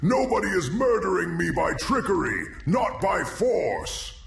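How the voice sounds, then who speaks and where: A man's voice: high voice, very animated, unhurried, vocal fry, voice pushed up, full character voice. A man voicing a huge blinded one-eyed male giant, bellowing and pleading. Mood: agonized. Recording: roomy echo over loud music.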